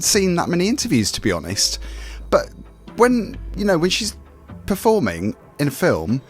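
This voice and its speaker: A man hosting a casual film review chat, chatty and quick to laugh. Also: high voice, faint music behind. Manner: chatty, animated, laughs often. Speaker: podcast host.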